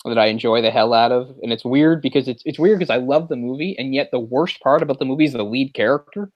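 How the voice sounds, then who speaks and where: A man's voice: mid-range voice, fast, dry recording, highs cut off. A man co-hosting a casual movie discussion podcast, rambling, searching for words and laughing often. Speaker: podcast co-host.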